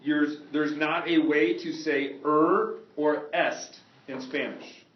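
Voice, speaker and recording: Man, Spanish teacher, classroom lesson, lively, checks understanding, roomy echo, distant dull mic. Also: a little high, takes it slowly.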